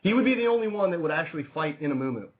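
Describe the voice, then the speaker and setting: A radio host with a fairly high, animated voice talks rapid-fire, rambling casually while plugging sponsors and reading out the call-in number. The recording has a tinny, phone-like lo-fi quality.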